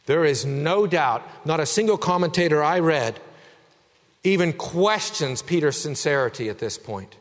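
Preacher guy, high voice, big echoey church sound, goes quiet then loud. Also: expressive, normal speed. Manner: emphatic, swings from low and quiet to loud and high. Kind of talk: sermon.

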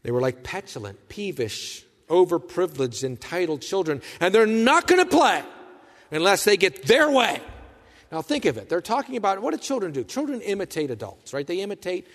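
A male pastor gives a sermon in a conversational, storytelling way. His voice sits a bit high, and he drops into the voices of the people he quotes. The sound carries a long reverb, as if from a large hall. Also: big pitch swings, normal speed.

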